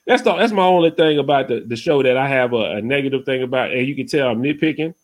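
A man's voice: medium pitch, animated, quick pace. A man hosting a podcast in loose, rambling casual chat, peppered with "you know what I'm saying" and getting heated when he rants. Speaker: podcast host.

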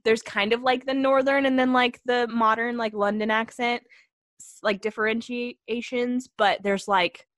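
A woman's voice: fairly high pitch, fairly even intonation, measured pace, fairly bright tone, no room sound, studio quality. A woman co-hosting a casual chat, rambling and laughing, with many fillers.

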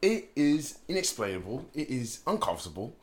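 A man's voice: medium pitch, moderate pace. A man co-hosting a podcast in casual chat, swearing a lot and laughing along. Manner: animated, profane, laughs along. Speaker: podcast co-host.

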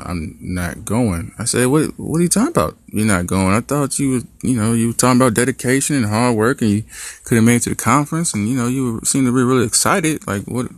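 Low-voiced man telling a family story. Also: dry recording. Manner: animated storyteller who acts out quoted dialogue. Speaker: podcast host. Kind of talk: casual storytelling.

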